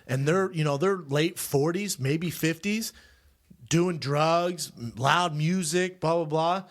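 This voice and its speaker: Casual storytelling man, a bit high-pitched. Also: takes it slowly. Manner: storytelling, animated when quoting neighbors. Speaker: podcast host. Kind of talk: casual chat.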